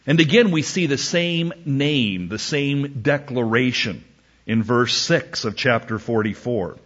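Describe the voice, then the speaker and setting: A man preaching in an unhurried, deliberate way, leaning hard on each quoted verse. His voice sits at an ordinary middle pitch. The recording sounds dull and slightly lo-fi. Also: a bit bright, slightly rough. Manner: emphatic, reads scripture slowly and acts out a back-and-forth dialogue. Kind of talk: sermon.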